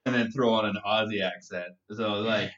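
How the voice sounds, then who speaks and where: A Canadian man chatting on a podcast, telling animated stories and laughing often. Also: on the low side, normal speed, far from the mic. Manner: animated storytelling with frequent laughter. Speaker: podcast co-host. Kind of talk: casual chat. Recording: roomy, dull, from off-mic.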